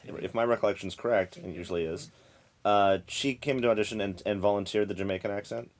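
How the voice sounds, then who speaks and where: A man's voice: on the low side, fairly even intonation, fast. A man on a film commentary who drops dry, teasing remarks. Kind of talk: DVD commentary, casual.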